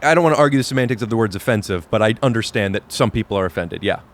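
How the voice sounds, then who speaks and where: A man's voice: fairly low pitch, animated, rapid-fire. A man hosting a podcast, talking earnestly in a rambling way with many restarts, outdoors on a balcony. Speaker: podcast host. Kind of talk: casual chat.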